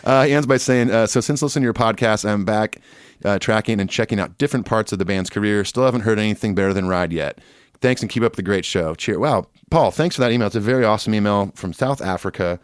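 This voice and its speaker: Laid-back man, low dry voice. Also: fast talker, smooth, no room sound. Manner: laid-back, rambling, laughs often. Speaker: podcast co-host. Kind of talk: casual chat, reading listener emails. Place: Nashville.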